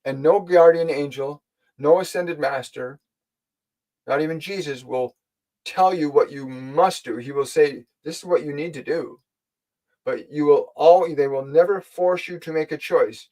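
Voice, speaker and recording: A man's voice: fairly high pitch, a little slow, rough recording. A man hosting a live spiritual stream, earnestly guiding viewers and answering their questions, repeating key phrases for emphasis. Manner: gentle, speaks directly to viewers. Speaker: spiritual teacher and channel host.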